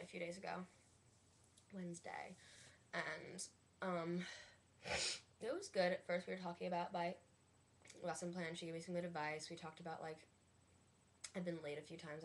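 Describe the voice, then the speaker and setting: Creaky, low-voiced young woman ranting. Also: little pitch movement, fairly quick, pauses often, slight background noise. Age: 20s. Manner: chatty, many likes and restarts. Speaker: college student vlogger. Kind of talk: casual rant to camera.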